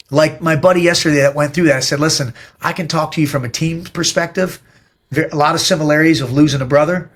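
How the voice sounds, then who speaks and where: A man's voice: a little high, steady tone, fast talker. A middle-aged man being interviewed, talking in a blunt, emphatic and profane way as he tells stories. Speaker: podcast guest. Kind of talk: casual interview talk.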